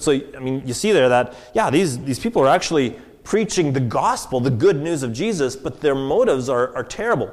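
A man's voice: medium pitch, expressive, a little fast, hardly any pauses, a little mellow. A man preaching a sermon in a conversational way, restarting phrases and checking in with "right?". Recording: long echoing reverb.

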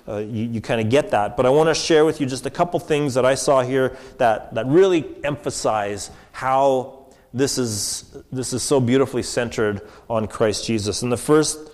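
A man's voice: medium pitch, a little mellow. A man preaching a sermon in a conversational way, restarting phrases and checking in with "right?". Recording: long echoing reverb.

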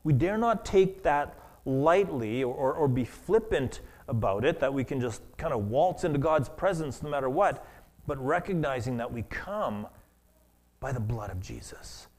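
A man preaching a sermon as pastor, earnest and halting, often restarting his words. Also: mid-range voice, expressive, darkish tone.

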